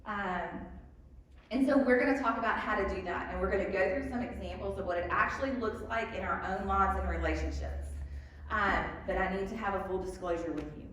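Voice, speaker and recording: A woman's voice: medium pitch, fairly quick, a bit bright. A woman giving a candid faith talk to a live group, self-deprecating, with frequent ums and small laughs. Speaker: speaker at a church evening talk. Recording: echoey hall from a distance.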